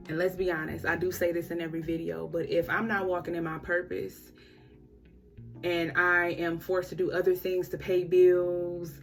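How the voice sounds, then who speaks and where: Woman telling a story, expressive. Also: on the low side. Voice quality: expressive, acts out conversations with quoted voices. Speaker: vlogger. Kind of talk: casual storytelling vlog.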